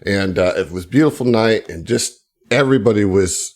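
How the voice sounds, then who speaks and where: A man's voice: on the low side, fairly quick, a little mellow. A man in casual podcast chat, telling a long enthusiastic story with lots of fillers and restarts. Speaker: podcast host and player.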